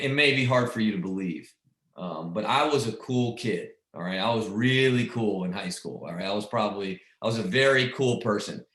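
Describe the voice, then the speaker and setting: A man's voice: on the low side, fairly bright tone. A man coaching a training session as a sales trainer, talking emphatically and often checking in with "right?". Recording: echoey room.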